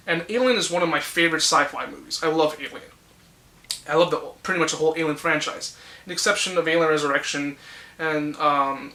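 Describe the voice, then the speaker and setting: A man's voice: on the high side, bright, forceful tone. A man in his twenties giving his blunt, ranting opinions on movies in a casual vlog, swearing freely. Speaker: movie reviewer. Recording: echoey room.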